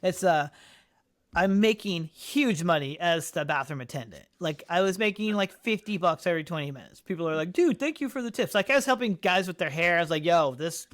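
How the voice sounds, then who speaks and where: Podcast guest, male, higher voice, animated storyteller who acts out quotes. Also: fairly quick. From Colorado, United States. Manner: animated, acts out quotes with big pitch jumps. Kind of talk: casual storytelling interview.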